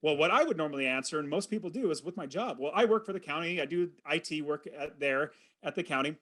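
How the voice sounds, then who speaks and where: A man's voice: on the high side, lively intonation, fast, a bit bright. A middle-aged man, a podcast guest, earnestly telling a personal story and acting out his own thoughts as he goes.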